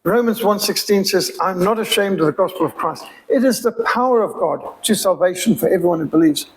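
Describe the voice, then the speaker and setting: A man's voice: sits high, a little fast, rough recording. A man with a Rhodesian accent giving an emphatic, preacherly sermon-style appeal as a missionary speaker. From Zimbabwe.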